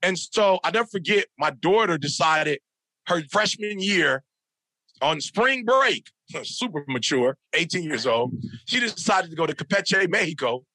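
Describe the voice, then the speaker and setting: A middle-aged man speaks as a motivational speaker on a podcast, with a high voice and a gravelly, sharp edge. He tells his stories emphatically, like a preacher, hammering home phrases by repeating them. The sound is close and dry. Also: lively intonation, a little slow, dry recording. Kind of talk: animated storytelling in a podcast interview.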